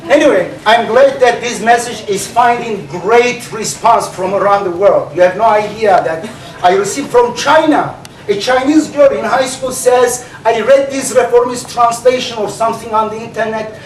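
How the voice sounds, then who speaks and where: A man with a Turkish accent, a native Turkish speaker, giving an animated debate speech full of fillers and restarts. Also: extremely high pitch, a little hiss or hum. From Turkey. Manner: animated, halting with many fillers. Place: large hall. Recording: echoey hall recorded from far off.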